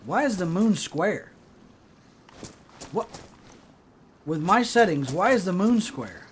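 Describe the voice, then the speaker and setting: Brief: middle-aged male streamer, loose profane chatter, higher pitch, headset, faint hiss behind. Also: very animated, slow, long pauses. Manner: rambling, profane, joking. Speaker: game streamer. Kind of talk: casual gaming commentary.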